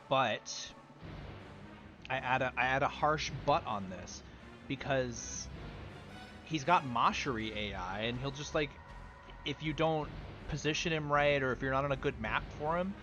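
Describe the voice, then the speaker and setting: A man's voice: medium pitch, dull audio. A man casually chatting on a game livestream, rambling and answering his chat. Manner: rambling and talking back to chat. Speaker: game streamer.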